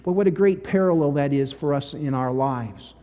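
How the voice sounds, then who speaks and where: A man preaching a sermon as pastor, telling stories emphatically, swinging from quiet to loud. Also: fairly high pitch, moderate pace, highs cut off. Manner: emphatic, animated storytelling with big swings in volume. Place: church sanctuary. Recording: long church-hall reverb.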